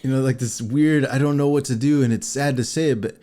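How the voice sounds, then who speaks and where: A man co-hosting a casual show, telling a personal story to viewers in an animated way and acting out scenes. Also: mid-range voice, fairly quick. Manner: animated, acts out scenes and quotes. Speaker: co-host.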